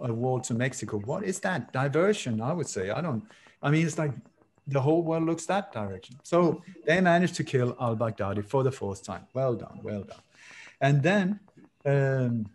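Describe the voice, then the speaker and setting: A man's voice: medium pitch, a little mellow. Emphatic, sarcastic man guest. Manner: emphatic, sarcastic, repeats words for effect. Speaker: interview guest. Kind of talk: animated storytelling in an interview.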